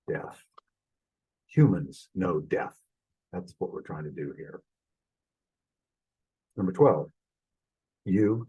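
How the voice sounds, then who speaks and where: A man's voice: low-pitched, darkish tone, husky, poor audio. A middle-aged man teaching a Greek lesson, thinking aloud as he works through examples and stops to correct his own mistakes. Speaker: Greek instructor. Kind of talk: recorded classroom lesson.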